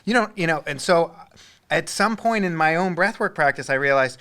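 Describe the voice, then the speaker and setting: A man's voice: a little high, animated, normal speed, pushed and bright. Blunt, profane man with a Boston accent. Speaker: breathwork coach. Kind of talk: casual conversation.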